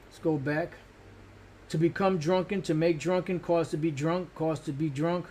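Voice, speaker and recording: A man teaching from the Bible in a loose, casual way, cursing freely and pausing often with fillers and restarts. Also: on the high side, steady tone, darkish tone, slight background noise. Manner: looks up words while talking. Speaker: street preacher.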